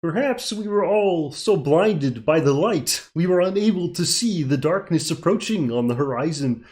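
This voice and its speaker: A man voicing a famous nasal, high-pitched frog puppet, slowly reading a solemn line of narration. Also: expressive, darkish tone, close to an everyday voice.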